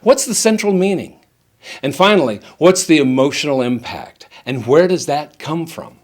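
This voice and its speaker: A man's voice: fairly high pitch, expressive, moderate pace. A middle-aged man, an acting coach, delivering a scripted acting tip from a teleprompter in a playful, emphatic way.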